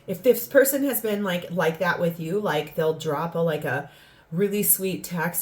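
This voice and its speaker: A woman's voice: on the low side, normal speed. A woman giving a spoken tarot reading, earnest and rambling, sometimes acting out what people say. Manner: earnest, rambling, acts out quoted lines. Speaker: tarot reader.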